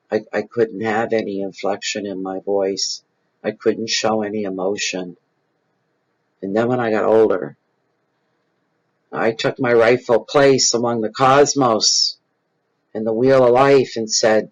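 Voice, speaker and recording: A man rambles expressively to his viewers as a tarot channel host, circling back on his own phrases. His voice sits on the low side with a husky, breathy edge. The recording sounds dull and lo-fi. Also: fairly even intonation, measured pace. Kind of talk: casual improvised spiritual talk to viewers.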